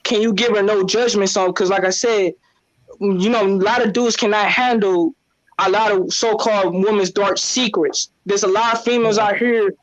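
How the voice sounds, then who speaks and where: Lecture like a preachy man checking in with listeners, high voice, muffled line. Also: steady tone, moderate pace, no room sound. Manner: preachy, keeps asking "you know what I'm saying". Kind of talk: casual group audio chat. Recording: dull lo-fi call audio.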